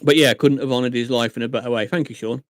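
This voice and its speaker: A man's voice: medium pitch, steady tone, fast, dry recording, clean studio sound. A man chatting casually on a live stream from his room at night, telling stories with acted-out quotes. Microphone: desk mic at a computer monitor.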